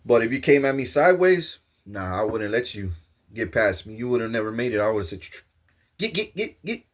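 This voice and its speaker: A man giving a profane, animated comedic rant, boasting and acting out scenes. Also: on the low side, fairly quick. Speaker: vlogger.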